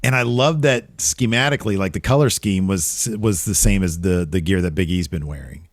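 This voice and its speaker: His voice sits low and moves at a moderate pace, recorded dry in a clean studio. He's one of a podcast's hosts, casually recapping a wrestling show with strong opinions and frequent false starts.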